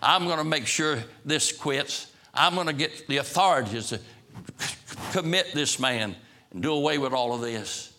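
A man's voice: on the high side, a little slow, sharp tone. A man preacher voicing a town official who vows to have a prophet stopped. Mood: indignant. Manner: determined, threatening.

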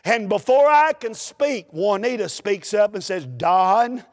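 A man, a preacher telling a humorous story in a folksy, animated way during a sermon. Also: high voice, unhurried, in a large hall.

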